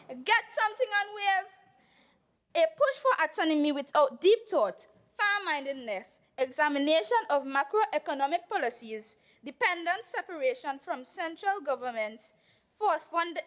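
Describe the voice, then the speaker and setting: A teenage girl with a Tobagonian accent giving an earnest, measured debate speech as a youth assembly member in a legislative chamber, reading from prepared remarks. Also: high voice, a bit bright.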